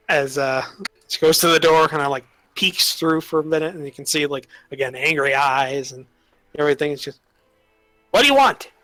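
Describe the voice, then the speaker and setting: A man's voice: a little high, little pitch movement, fairly quick, bright, forceful tone, no echo, faint music behind. A man acting as game master of a tabletop role-playing game, explaining rules and narrating scenes, often trailing off into fillers.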